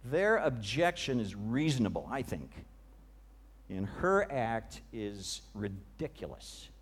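A male preacher giving a sermon, retelling a scene with dramatic, vivid storytelling that often drops to a hush. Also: lowish voice, very animated, slow, husky.

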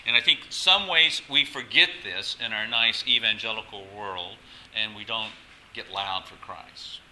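Bright-voiced man preaching to a congregation. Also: on the low side, measured pace, slight background noise, rough recording. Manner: animated, coaxing the congregation to join in. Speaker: pastor. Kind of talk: sermon. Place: church service with congregation.

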